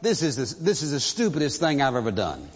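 A preacher putting on a proud ancient commander, raising his pitch a little as he grumbles in exasperation. The sound is dull and lo-fi, with a long hall reverb behind it. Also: animated, moderate pace. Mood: grumbling. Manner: complaining, exasperated.

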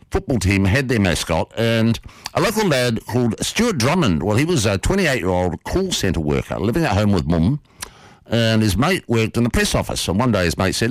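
A man on a studio mic spinning a radio yarn. His pitch swings a lot as he tells it, and the sound is close and dry. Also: dry recording. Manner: lively, playful, quick storytelling. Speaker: radio host. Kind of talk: radio storytelling and interview intro. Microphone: studio microphone.

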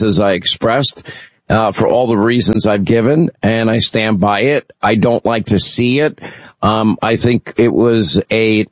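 A man's voice: lowish voice, no echo, rough recording. A man hosting a talk radio show, giving emphatic, opinionated commentary with frequent fillers. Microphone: studio microphone.

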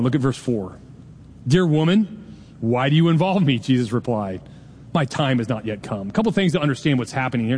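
A man in his forties preaching a sermon in a conversational, joking way, with quick asides to the congregation. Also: mid-range voice, a little mellow, in a large hall, slight background noise. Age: 40s. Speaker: pastor.

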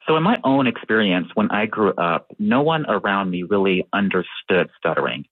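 Interview guest, male, low voice, dry sound, calm and measured, light stutter. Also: no echo. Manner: measured, with fillers and occasional stutters. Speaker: researcher and guest who stutters. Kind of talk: interview answers. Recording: tinny phone-like line.

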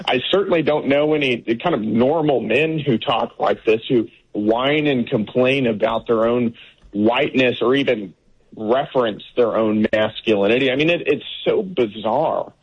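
Guest man in political interview: husky, emphatic, restarts a lot, slightly muffled remote line. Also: mid-range voice, normal speed. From Texas. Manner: emphatic, frequent fillers and restarts.

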